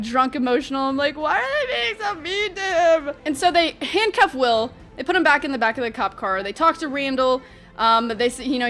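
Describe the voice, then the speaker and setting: A young woman vlogger telling a story in an animated, chatty way, full of fillers. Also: on the high side. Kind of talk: storytime vlog.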